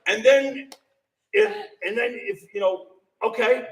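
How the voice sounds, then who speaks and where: A man's voice: high-pitched, expressive, normal speed, distant mic, slight background noise. A middle-aged man animatedly telling a ghost story to a small live audience, laughing and acting out the voices. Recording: roomy sound from off-mic.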